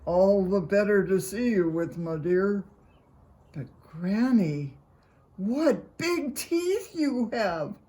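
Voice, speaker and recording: An older woman voicing a flustered male wolf who pretends to be a grandmother in a squeaky, strained falsetto, read as a storybook. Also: expressive, slow, warm tone. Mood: nervous. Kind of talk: storybook reading.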